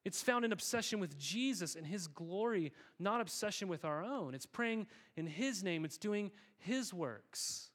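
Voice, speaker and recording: Guy preaching a sermon, chatty and emphatic, kinda high voice, trips over words sometimes. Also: expressive, a little slow, hardly any pauses, fairly bright tone. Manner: conversational, emphatic, repeats words. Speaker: pastor.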